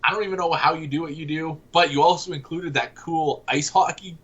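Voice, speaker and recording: A man's voice: on the high side, a little fast, a bit bright, slightly rough, highs cut off. A man with a Canadian accent co-hosting a hockey podcast, trading enthusiastic, crude banter. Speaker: podcast co-host. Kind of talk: casual chat.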